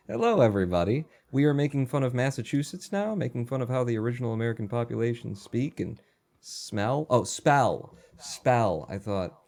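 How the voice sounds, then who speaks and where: Giggly, animated male co-host. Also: medium pitch, normal speed, vocal fry. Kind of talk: casual chat.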